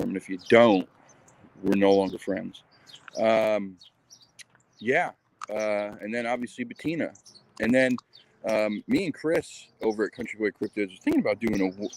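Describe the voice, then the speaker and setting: A man with a fairly low voice talks in a loose, rambling way, full of ums and little asides, as he walks his dog outside. It has the feel of an unscripted live stream, and faint background noise with birds sits under his voice. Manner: rambling, chatty, lots of ums. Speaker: channel host. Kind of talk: casual live-stream chat. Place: outdoors walking a dog.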